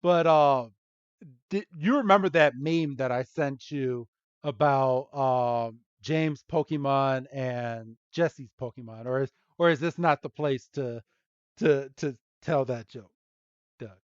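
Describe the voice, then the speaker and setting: A man's voice: mid-range voice, takes it slowly, clear, resonant tone, no echo. A man hosting a podcast, retelling a story in casual chat with giggles and many hesitant ums. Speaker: podcast host. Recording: dull lo-fi podcast audio.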